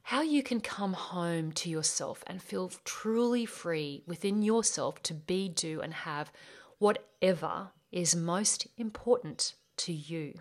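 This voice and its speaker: An Australian woman with a slightly low voice, introducing her podcast as host and life coach. Her delivery is earnest and upbeat, with a motivational lift. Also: takes it slowly.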